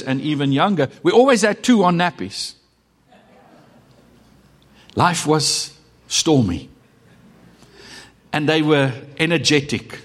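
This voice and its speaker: Middle-aged man, South African accent, lively sermon, slightly raised pitch, long hall reverb. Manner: animated, dramatic pauses, swings from loud to hushed. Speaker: pastor.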